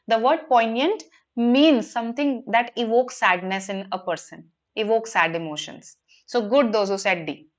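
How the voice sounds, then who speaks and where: A woman's voice: fairly high pitch, lo-fi sound. A woman with an Indian English accent teaching a live online vocabulary lesson, explaining patiently and often checking in with the class. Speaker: online exam prep teacher.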